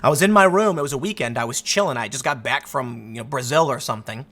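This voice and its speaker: A man in his thirties giving casual, sarcastic commentary and telling stories in an animated, mocking way. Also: mid-range voice, fast.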